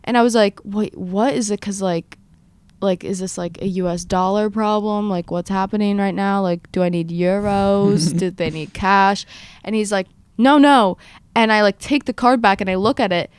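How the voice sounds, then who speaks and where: A young woman in her twenties telling a story on her podcast, with a smooth, resonant voice recorded close and dry. She tells it dramatically, acting out what everyone said at a middle pitch. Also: fairly even intonation, moderate pace, no room sound. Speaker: podcast host. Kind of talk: casual storytelling chat.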